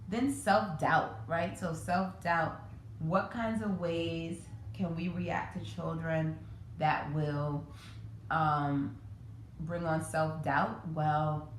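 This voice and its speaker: A woman hosting a parenting podcast, talking casually with many fillers and restarts. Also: lowish voice. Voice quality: conversational, many fillers and self-corrections. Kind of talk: casual educational talk. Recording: echoey room with faint noise.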